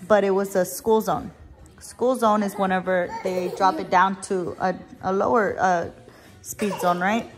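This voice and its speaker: A woman's voice: mid-range voice, steady tone, a little slow, soft background music. A woman telling a story to the camera as a family vlogger, chatty and emotional, with some casual swearing, while she drives. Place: in her car while driving.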